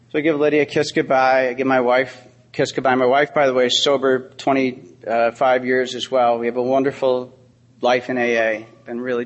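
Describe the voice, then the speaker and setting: A middle-aged man giving an AA talk, telling a story from his sobriety with heartfelt, dry humor. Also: medium pitch. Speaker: AA speaker. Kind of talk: recovery talk. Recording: long hall reverb.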